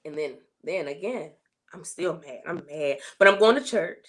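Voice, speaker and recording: A woman guest telling a personal faith testimony in an interview, earnest and emotional, repeating herself and rising in pitch when she voices her complaints to God. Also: moderate pace, fairly bright tone. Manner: earnest, emotional storytelling with repetition.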